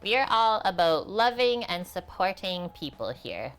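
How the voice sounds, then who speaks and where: A woman's voice: lowish voice, big pitch swings, unhurried, faint music behind. Chatty young woman hosting a cooking stream. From half French. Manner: chatty, reads and answers chat while cooking. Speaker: cooking livestream host. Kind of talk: casual cooking livestream chat. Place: home kitchen.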